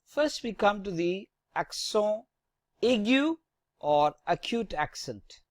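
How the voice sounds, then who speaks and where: Slow, careful French teacher. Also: mid-range voice, big pitch swings, no room sound, studio quality. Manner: drawn-out, careful spelling of each letter. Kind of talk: slow, deliberate language lesson.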